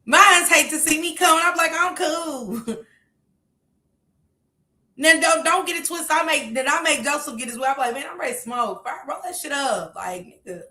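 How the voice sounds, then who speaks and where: A woman streamer talks through the drama in a casual, animated way, her voice high and bright. She jumps from loud emphatic bursts to low muttered asides. The sound carries a noticeable room echo. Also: moderate pace. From Kentucky. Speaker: commentary streamer. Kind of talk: casual reaction commentary.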